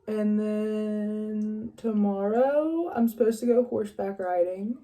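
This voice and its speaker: A young woman from West Virginia with a mild northern West Virginia accent, chatting casually as she gets ready, rambling and often trailing off quietly. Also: mid-range voice, takes it slowly. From West Virginia, USA. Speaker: vlogger. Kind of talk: casual get-ready-with-me chat.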